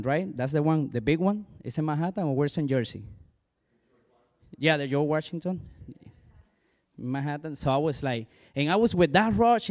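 Giving an animated personal testimony, this male pastor speaks with a strong Spanish accent, Spanish being his native tongue, and keeps dropping in "you know." His pitch is fairly high.

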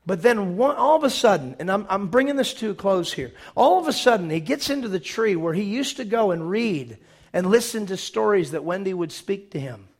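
High-voiced preacher guy retelling a movie, acts it all out, jumps to sudden loud bursts. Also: brisk, hardly any pauses. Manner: animated storytelling, acting out scenes, sudden loud bursts.

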